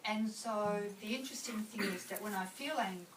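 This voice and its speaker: A woman in the audience asking a question at a talk. She speaks haltingly and trails off mid-sentence. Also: mid-range voice, crowd noise, rough recording.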